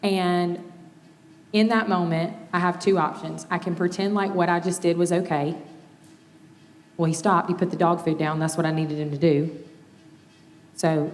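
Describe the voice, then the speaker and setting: A woman's voice: on the low side, fairly even intonation, normal speed, pauses often, in a large hall. A mother in her thirties giving a plainspoken, conversational talk on family communication. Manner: conversational, plainspoken, gently quotes examples.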